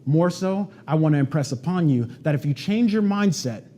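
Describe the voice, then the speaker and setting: Male keynote presenter, fairly high voice, warm and dark tone, casual and chatty storytelling to an audience. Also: normal speed. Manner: casual and animated, heavy on "like" and "right?". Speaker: conference presenter. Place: event stage before an audience.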